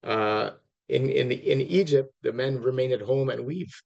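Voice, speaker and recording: Gravelly-voiced man giving a relaxed lecture. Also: mid-range voice, a little slow, dull audio. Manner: conversational, many fillers and restarts, asides to audience. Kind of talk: informal lecture.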